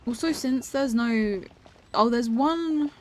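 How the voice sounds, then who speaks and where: A woman's voice: on the high side, a little hiss or hum. Playful young woman chatting with viewers. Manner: playful, chatty, talks to viewers with quick laughs. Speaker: game streamer. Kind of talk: casual live-stream chat while playing.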